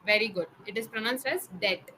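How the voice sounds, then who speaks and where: Female English tutor, bright tone, slight noise behind, patient corrections. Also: fairly high pitch, normal speed, low-quality recording. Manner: patient, corrects pronunciation word by word. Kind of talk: online pronunciation lesson.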